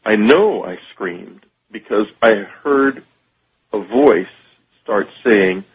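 A man telling a radio host about a personal experience, halting and searching for words. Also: fairly low pitch, lively intonation, breathy edge. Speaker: radio show guest. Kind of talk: phone-in interview, personal account. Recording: tinny phone line on radio.

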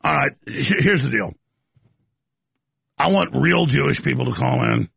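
Gravelly guy hosting a call-in show, blunt, swoopy delivery. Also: mid-range voice, huge pitch swings, a little slow, a bit bright, no room sound. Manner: blunt, skeptical, talks over callers. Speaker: talk show host. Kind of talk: call-in radio talk.

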